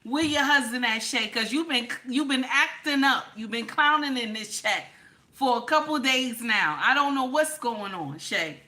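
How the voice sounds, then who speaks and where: Bright, teasing woman. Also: a little high, normal speed. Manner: animated, teasing, talks straight to chat viewers. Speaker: livestream host reading chat. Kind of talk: casual reaction livestream chat.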